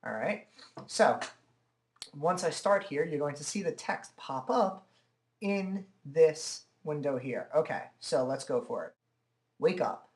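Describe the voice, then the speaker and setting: A man giving a relaxed, chatty walkthrough of software at his computer, talking into a desk microphone and filling pauses with "uh" and "okay". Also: on the high side. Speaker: software tutorial presenter. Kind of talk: casual screen-recorded software demo.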